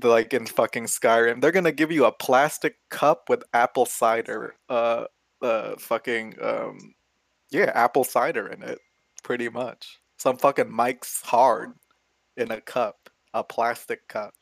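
A man in casual chat who tells a long story full of swearing and laughter. His voice sits at a middle pitch. He sounds close and dry, with no room sound around him. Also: fairly even intonation, unhurried, gravelly, no room sound. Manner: profane, rambling, laughs as he talks.

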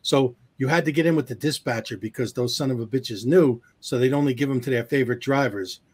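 A man's voice: mid-range voice, brisk, husky. A man co-hosting a comedy podcast, telling anecdotes in casual chat and swearing now and then. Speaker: podcast co-host.

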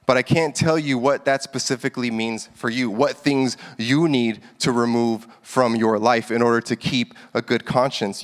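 Pastor in a reverberant hall. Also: male voice, mid-range voice. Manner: conversational, animated, builds to heated emphasis. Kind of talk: casual sermon. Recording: echoey hall with long reverb.

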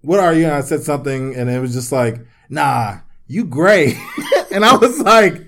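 This is a man from the Washington DC and Maryland area chatting casually with a friend on a podcast. His voice sits slightly higher than most men's. He tells stories in an animated, joking way, swearing freely and laughing often. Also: normal speed. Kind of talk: casual chat.

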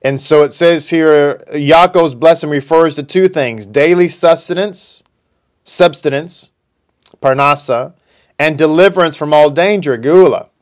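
Man teaching scripture, slightly high voice. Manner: unhurried, reads quotes aloud then explains, with some restarts. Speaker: Bible teacher. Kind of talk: reading and explaining scripture.

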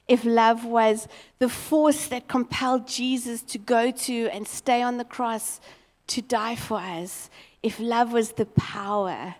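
A woman preaching a sermon as a lively, expressive storyteller. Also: on the high side, long reverb tail.

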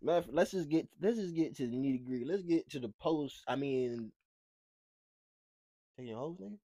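A man's voice: mid-range voice, fairly quick, warm tone, no room sound. A man co-hosting a podcast, giving casual, slangy commentary on the news, joking around and stumbling over his words. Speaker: podcast co-host.

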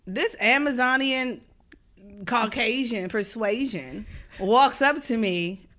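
A woman co-hosting a radio talk show, telling animated stories in casual chat, laughing often and calling her listeners "y'all". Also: on the high side, slow.

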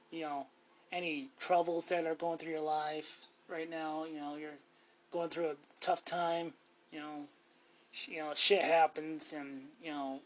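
A man's voice: a little high, slight background noise. A man talks through a loose solo podcast episode, drifting from topic to topic. He swears freely and calls himself ornery, in an unscripted, chatty ramble. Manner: rambling, profane, self-talking. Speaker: podcast host. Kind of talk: casual solo podcast monologue.

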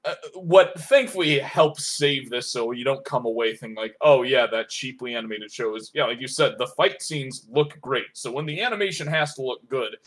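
A man co-hosting a casual review podcast, talking in a measured, analytical way with frequent "uh" and "like". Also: medium pitch, expressive, fairly bright tone. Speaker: podcast co-host reviewing a show.

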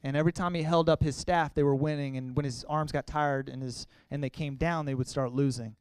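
Young man, earnest church testimony, conversational and halting, slightly high voice, smooth clear tone, dry close sound. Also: fairly even intonation, darkish tone, no echo. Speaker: church speaker sharing testimony. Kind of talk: personal testimony to a congregation.

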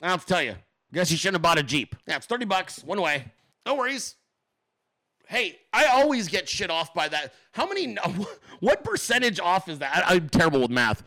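Guy ranting on his stream, high bright voice, swears a lot, keeps asking the viewers snarky questions. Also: very animated, fairly quick. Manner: profane, sarcastic, mocking rant; asks the audience rhetorical questions. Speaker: political commentator, show host. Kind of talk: livestream political commentary.

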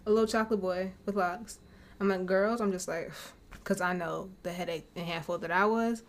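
A woman in her twenties co-hosting a casual chat, animated and acting out quoted voices. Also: fairly low pitch, normal speed. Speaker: podcast co-host.

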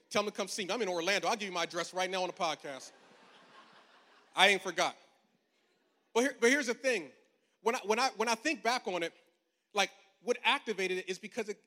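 A pastor in his forties delivers a storytelling sermon in a large church, his high voice bright and forceful. He opens chatty and funny and builds toward emphatic preaching. A long hall reverb colors the sound.

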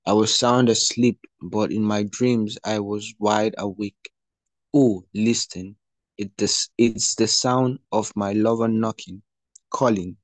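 A man reading the part of a longing young woman lover in a slow, earnest scripture reading. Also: fairly low pitch, steady tone, no echo.

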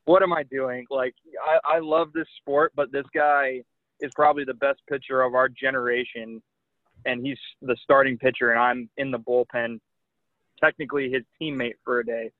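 A young man, a professional pitcher, telling a lively anecdote in casual chat, full of "like" and "you know". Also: normal speed, dry recording. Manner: animated anecdote telling with many likes and you knows. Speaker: guest, pro baseball pitcher. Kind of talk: casual storytelling. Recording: tinny phone line.

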